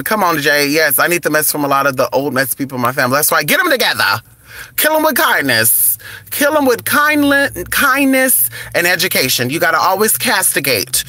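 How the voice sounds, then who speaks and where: Man host, campy and sassy livestream chatter, higher pitch, very bright, dry sound. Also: no echo. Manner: sassy, campy, drawn-out and expressive. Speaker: channel host reading live chat. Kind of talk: casual livestream chat.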